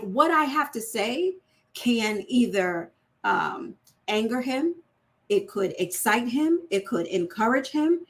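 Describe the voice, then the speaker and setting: This faith-based women's channel host speaks in a fairly high, slightly bright voice. She talks candidly about marriage in an earnest, conversational way, performing sample phrasings with shifting tones.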